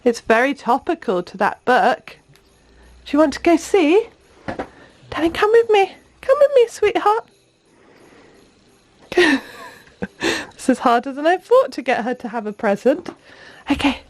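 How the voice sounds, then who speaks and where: A woman's voice: high-pitched, expressive, moderate pace, a little mellow. A young mother filming a casual home vlog, chatting to camera and coaxing her toddler in a sing-song voice. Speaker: vlogger and mum.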